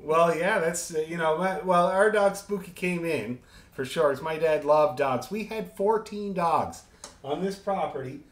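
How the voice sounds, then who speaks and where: A man with a fairly high-pitched voice leads an online music rehearsal as orchestra leader, speaking a little slowly. He chats casually in a friendly, joking way and tells rambling stories. The recording has an echoey room sound.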